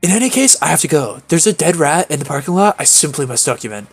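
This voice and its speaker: A man's voice: on the high side, sing-song, fast talker, vocal fry, slightly rough, no echo, soft background music, full character voice. A man voicing a pompous young vampire photographer from a game, speaking in an artsy, self-serious way.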